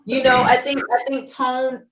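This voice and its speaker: A woman's voice: sits high, measured pace, echoey room, a crowd in the background, rough recording. A woman co-hosting a live panel talk, speaking animatedly and passing along what others have said. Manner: animated, relaying others' comments. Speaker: co-host.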